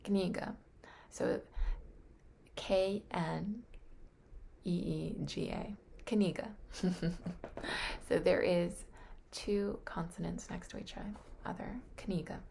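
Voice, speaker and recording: Brief: woman self-studying on webcam, low gravelly voice, slow careful delivery, faint room hiss. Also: steady tone, mellow. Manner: slow, careful, often dropping to a whisper. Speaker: language learner.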